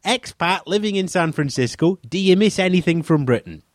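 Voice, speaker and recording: A man hosts a podcast with a theatrical, playful flair, pitched a little higher than most men. His voice sounds close and dry with no room echo. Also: expressive, moderate pace. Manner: playful, dramatic delivery. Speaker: podcast host. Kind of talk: theatrical scripted intro then casual chat.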